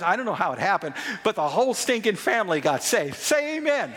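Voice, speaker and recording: A man with a high voice delivers a sermon from the pulpit. He presses his points hard and repeats phrases for weight. His words ring out with the long reverb of a large church hall. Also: big pitch swings, fairly quick, hardly any pauses, fairly bright tone. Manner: emphatic preaching with repeated phrases. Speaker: pastor.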